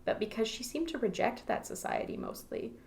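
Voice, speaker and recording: A woman's voice: on the high side, wildly swooping pitch, fairly quick, gravelly, a little mellow. A woman co-hosting a podcast, talking casually about a book and laughing often. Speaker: podcast co-host.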